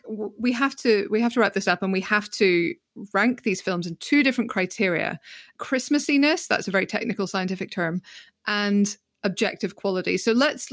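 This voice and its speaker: A woman hosting a podcast in casual chat, lively and playful, with her voice jumping up in pitch when she gets excited. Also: no room sound, studio quality. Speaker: podcast host.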